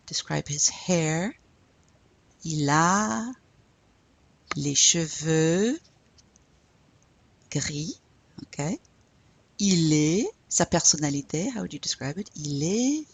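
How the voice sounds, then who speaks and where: Slow, low-voiced woman teaching French. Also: slightly rough. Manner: patient, prompting questions then modeling answers. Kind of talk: recorded classroom lesson.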